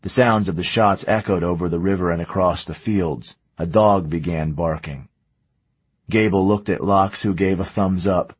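A man narrates in a measured, steady way, his voice low and a little husky. The reading is close and dry, with no room sound around it. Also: no echo. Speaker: audiobook narrator. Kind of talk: scripted narration.

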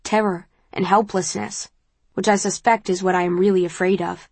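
A woman reading a novel aloud in the first person, in a calm and measured way. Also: mid-range voice, husky, no echo. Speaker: audiobook narrator.

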